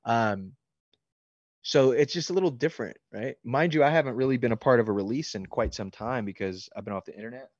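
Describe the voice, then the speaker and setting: A male author signing books chats candidly with fans at medium pitch and a slightly fast pace. He jokes around and swears freely in this casual interview-style exchange. The sound is lo-fi, without echo.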